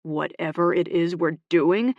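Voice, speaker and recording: A woman narrator voicing a blunt, possessive young man with loud, clipped delivery. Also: on the low side, measured pace, no room sound, highs cut off. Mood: heated.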